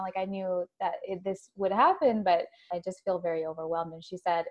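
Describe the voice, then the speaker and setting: A woman podcast host conducts a conversational interview, asking questions and openly sharing personal stories with casual fillers. Her voice is on the low side, brisk with few pauses, and the highs are cut off.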